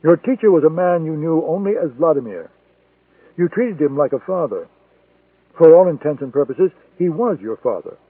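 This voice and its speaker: A man's voice: on the high side, lively intonation, normal speed, breathy edge, no room sound. A man voicing a defiant male intelligence agent who speaks in a cold, accusing way. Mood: coldly accusing. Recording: tinny phone-like sound, dry.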